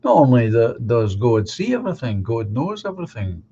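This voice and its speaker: A man hosting a live stream, chatting casually and giving opinions, halting and restarting as he talks. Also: medium pitch, very animated, mellow. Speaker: live stream host reading viewer comments. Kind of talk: casual chat. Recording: dull lo-fi sound with faint hum.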